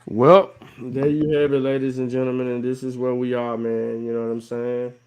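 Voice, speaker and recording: A man's voice: medium pitch, flat delivery, normal speed, a little mellow, slight background noise. A man hosting an online show, talking earnestly in a rambling way with many fillers. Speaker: show host. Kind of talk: casual livestream talk.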